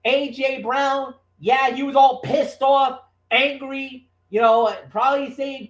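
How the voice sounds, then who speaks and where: A man co-hosting a sports talk show, giving his opinions in an emphatic, animated way with frequent restarts. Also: very high-pitched, slow, few pauses. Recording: roomy echoey room.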